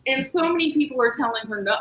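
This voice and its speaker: Woman panelist, high and bright, thoughtful, echoey room over a video call. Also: lively intonation, quick pace. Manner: thoughtful, trails off and restarts. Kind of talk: casual panel discussion.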